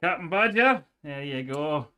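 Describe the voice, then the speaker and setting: A Scottish man chats on a livestream in a rambling, sweary way. His voice is bright and sharp and sits a little high. He tells stories while he tinkers. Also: expressive, unhurried, smooth. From Scotland. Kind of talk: rambling casual stream chat.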